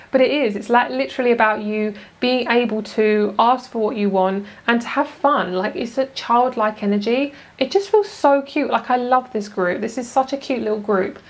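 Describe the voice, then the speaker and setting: A woman's voice: on the high side, moderate pace, hardly any pauses. A young woman giving a chatty, gushing tarot reading, swearing now and then for emphasis. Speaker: tarot reader. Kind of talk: casual tarot reading monologue.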